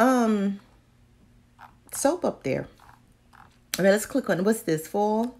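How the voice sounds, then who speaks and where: A woman's voice: mid-range voice, animated, slow, a little mellow, slight background noise. A woman chatting casually through shopping deals, swearing and whispering asides to herself. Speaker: vlogger doing a live deal check-in. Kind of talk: casual chat.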